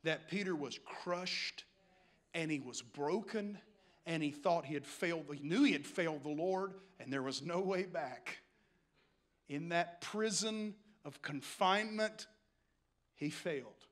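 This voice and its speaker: A male pastor preaching a sermon, telling the story dramatically and swinging between hushed passages and shouts. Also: on the high side, measured pace.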